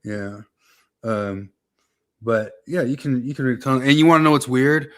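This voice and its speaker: A man co-hosting a casual podcast chat in an offhand, relaxed manner. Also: medium pitch, moderate pace. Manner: relaxed, offhand, many fillers like "um" and "you know". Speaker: podcast co-host.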